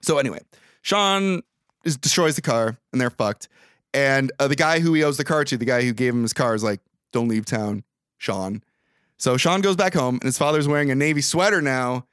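A young man recapping a movie in casual podcast chat, animated, profane and mock-exasperated. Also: mid-range voice, fairly quick, smooth, no room sound, studio quality. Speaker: podcast co-host.

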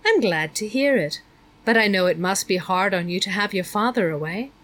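A woman's voice: mid-range voice, expressive, normal speed, a bit bright, close to an everyday voice. A woman voicing a stern, prying middle-aged male school principal who lectures and talks down to a student. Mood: probing. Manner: lecturing, condescending.

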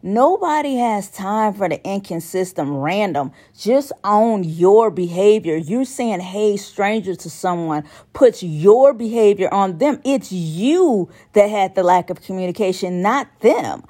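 A woman's voice: medium pitch, lively intonation, unhurried, hardly any pauses, warm tone. A woman in a casual monologue, talking bluntly and with exasperation, and mimicking how other people text.

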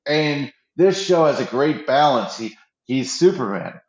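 This man has a mid-range voice with lively intonation and a somewhat slow delivery. Eagerly discussing a TV show, he keeps tripping up and restarting, performs the quotes he mentions, and clearly loves the subject. The recording is a bit dull, with a roomy sound.

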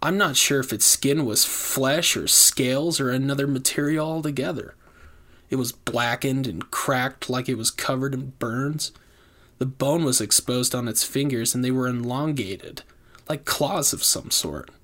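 Man, horror story narrator, mid-pitched voice, measured, deliberate delivery. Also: fairly bright tone. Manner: measured, deliberate, slows for tense moments.

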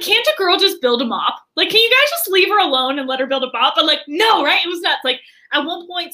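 A high-pitched woman with a bright, forceful tone tells a story as an interview guest. She talks in a chatty, expressive way, scattering "like" through her sentences. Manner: chatty, frequent filler "like", expressive. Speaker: entrepreneur and podcast guest. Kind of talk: animated storytelling in conversation.

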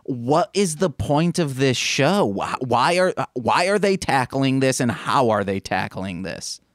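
A man's voice: medium pitch, animated, a little slow, no room sound. A man co-hosting a podcast in casual chat, making dry, wry interjections and steering the talk back. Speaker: podcast co-host.

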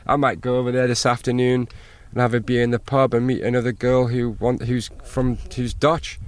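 A man, a sailboat captain, telling lively stories in a casual interview and acting out the things people said. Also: mid-range voice, moderate pace. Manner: animated anecdotes, acts out quoted exchanges. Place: outdoors by an anchored sailboat.

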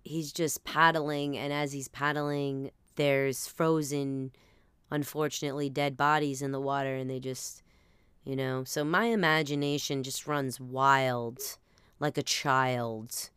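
A woman's voice: extremely low pitch, steady tone, measured pace, fairly bright tone, smooth, dry recording, clean studio sound. A woman with a New Jersey accent, hosting a podcast and telling rambling, self-mocking comic stories. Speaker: podcast host. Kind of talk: comedic storytelling monologue.

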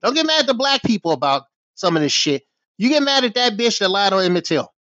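A man's voice: sits high, sing-song, quick pace, pushed and bright, no echo. An American man delivering an angry, profane vlog rant in heated bursts. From United States. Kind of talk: ranting vlog monologue. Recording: dull lo-fi dry recording.

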